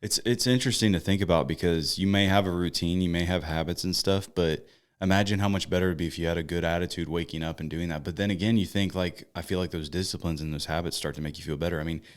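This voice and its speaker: A man with a low, smooth and resonant voice co-hosts a casual podcast. He talks in an upbeat, energetic way and cracks jokes as he chats. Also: quick pace. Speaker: podcast co-host.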